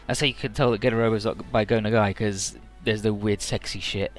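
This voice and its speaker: A man's voice: on the low side, fairly even intonation, a little fast. A man giving crude, joking let's play commentary, rambling as he recaps a game's story. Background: faint game music.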